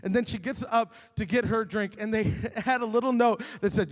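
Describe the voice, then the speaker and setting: A man's voice: sits high, moderate pace, in a large hall. A male pastor preaching a sermon, telling stories animatedly and acting out his own grumbling.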